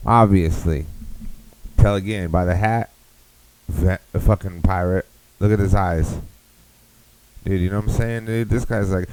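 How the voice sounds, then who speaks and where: Deep-voiced man ranting crudely. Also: fairly even intonation, a little slow, pauses often, a little mellow, clear, resonant tone, low-quality recording. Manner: rambling, profane, riffing. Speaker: podcast host. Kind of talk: crude comedic podcast rant.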